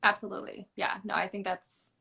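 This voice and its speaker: A woman's voice: mid-range voice, flat delivery, a little fast, creaky, bright, forceful tone. A woman hosting a podcast, affirming her guest and asking casual questions. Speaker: podcast host. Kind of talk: conversational podcast interview.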